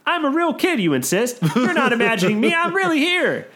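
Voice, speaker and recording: A man's voice: very high voice, sing-song, fairly quick, sharp tone, voice pushed up, heavily acted. A man voicing a small frightened young boy who pleads and insists in a storybook reading. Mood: pleading.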